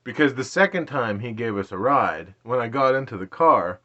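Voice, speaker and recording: A vlogger in his late thirties tells casual, self-deprecating stories, laughing often, in a medium-pitched, expressive voice with a sharp tone at normal speed. The recording is dull and lo-fi.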